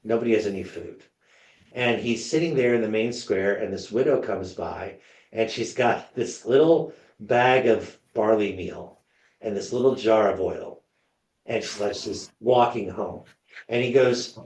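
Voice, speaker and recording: A man's voice: on the low side, a little slow, darkish tone, echoey room, low-quality recording. A man leading a Lenten Bible study in a church, conversational and storytelling, checking in with the group. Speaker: church teacher. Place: church meeting room.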